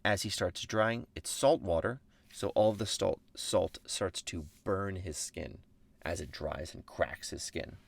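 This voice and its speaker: A low-pitched man with a gravelly, fry-laden voice tells an ancient story in a loose, conversational way. He corrects himself as he goes and drops jokey asides. The sound is dry and close, with no room around it. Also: unhurried, no room sound. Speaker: podcast host. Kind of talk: casual storytelling of a myth.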